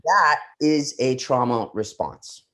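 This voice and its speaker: A man as a podcast guest, telling stories in an animated way and swearing freely. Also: mid-range voice, slow. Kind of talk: casual podcast chat.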